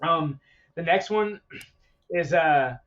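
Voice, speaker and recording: A man's voice: a little high, animated, takes it slowly, fairly bright tone, highs cut off. A man co-hosting a podcast in casual chat, rambling and laughing between stories. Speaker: podcast co-host.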